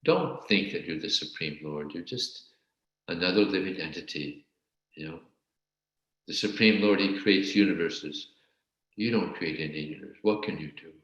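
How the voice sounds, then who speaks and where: Guy doing a stern judge scolding someone, low voice, echoey room. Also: moderate pace, highs cut off. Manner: firm, lecturing. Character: stern male judge rebuking an impostor.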